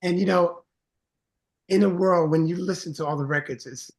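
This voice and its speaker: A man's voice: sits high, normal speed. A middle-aged man speaking as a guest in a casual interview, telling earnest stories and acting out the voices of the people in them. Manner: earnest storyteller, acts out quoted voices. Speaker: songwriter and producer guest.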